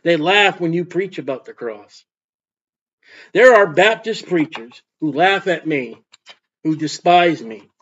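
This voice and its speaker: A man's voice: a little high, lively intonation, measured pace, a bit bright, slightly rough, muffled recording. A man preaching a fervent sermon as a street preacher. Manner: fervent, mocking laughter when imitating scoffers.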